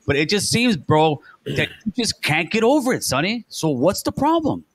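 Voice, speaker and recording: A man's voice: high voice, big pitch swings, normal speed, husky, dry recording. A man hosting a talk show, accusing and profane, repeating himself in a heated argument. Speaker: podcast host. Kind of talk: heated confrontation.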